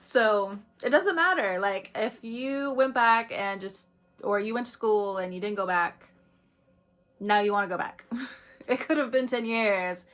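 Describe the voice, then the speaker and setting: A woman with a mid-pitched voice talks through an astrology reading straight to her viewers. Her delivery is loose and conversational, broken up by frequent laughs and casual swearing. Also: a little slow, fairly bright tone. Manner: chatty, laughs often between phrases, swears casually. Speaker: astrology reader. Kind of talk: casual spiritual reading to camera.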